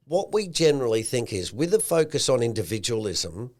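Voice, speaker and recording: A man with an Australian accent hosting a casual podcast chat in an animated way, slipping into slangy bits of speech. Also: medium pitch, brisk. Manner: animated, acts out quotes with a slangy tone. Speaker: podcast host.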